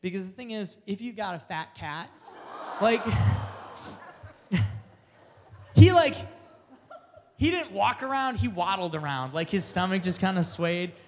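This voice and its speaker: A man telling a comic personal story to an audience, animated and laughing along as he goes. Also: sits high, a little slow, pauses often, in a large hall, a little hiss or hum. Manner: animated, laughs through his own story.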